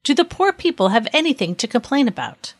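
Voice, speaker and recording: A woman voicing a stern, just king who commands and questions forcefully in a read-aloud story. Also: fairly high pitch, very animated, a little fast, dry recording, voice pushed up.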